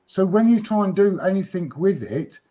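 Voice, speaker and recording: A man's voice: high-pitched, expressive, normal speed, dark tone. A man chatting casually on a podcast, blunt and sarcastic, swearing freely. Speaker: podcast host. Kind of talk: casual chat.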